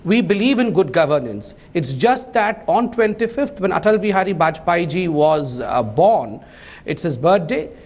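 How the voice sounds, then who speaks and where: Man, party spokesman, high-pitched, emphatic and defensive. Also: very animated, moderate pace, darkish tone. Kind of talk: political debate.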